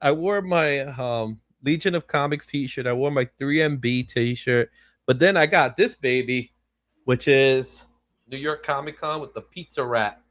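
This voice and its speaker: A man hosting a casual livestream chat, animated and quick to laugh as he greets viewers. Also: medium pitch, no echo. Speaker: host.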